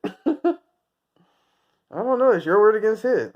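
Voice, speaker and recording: A man from the United States rambles through a crude, profane rant and keeps cracking himself up. His pitch swings a lot. The recording is muffled and lo-fi. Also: expressive, unhurried. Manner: rambling, crude, laughs often at own jokes. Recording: dull lo-fi recording.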